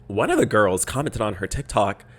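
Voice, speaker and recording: A man's voice: lowish voice, normal speed. A young man hosting a podcast, telling a story in a casual, exasperated rant. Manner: exasperated, animated storytelling with mocking quoted voices. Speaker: podcast host.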